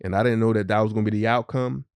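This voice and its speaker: A man's voice: on the low side, steady tone, rapid-fire, clean tone, no echo. A middle-aged man co-hosting a podcast, candidly telling a personal story in casual, profane speech and acting out the voices of the people in it. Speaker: podcast co-host.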